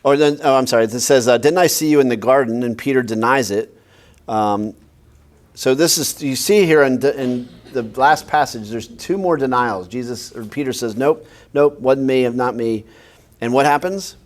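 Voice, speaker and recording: Conversational pastor teaching a Bible class. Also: male voice, mid-range voice, moderate pace. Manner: conversational, quizzes the class with questions.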